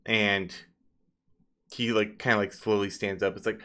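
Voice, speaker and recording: A man running a tabletop game, describing scenes in a loose, filler-heavy way. His voice is bright and slightly low. He ruffles along with "like" and "you know". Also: flat delivery, unhurried, pauses often. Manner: casual, filler-heavy narration. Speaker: game master.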